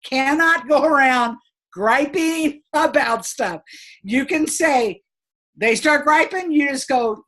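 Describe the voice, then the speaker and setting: A middle-aged woman giving an upbeat, emphatic motivational training talk to her sales team, chatty and quick to laugh. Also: high-pitched, a bit bright. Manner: laughs between points.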